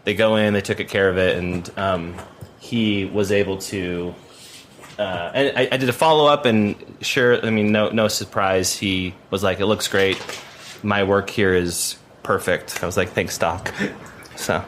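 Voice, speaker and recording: A man's voice: on the low side, normal speed, a bit bright, slight background noise. A man producing a podcast, chatting casually and rambling with lots of fillers and restarts. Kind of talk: casual chat.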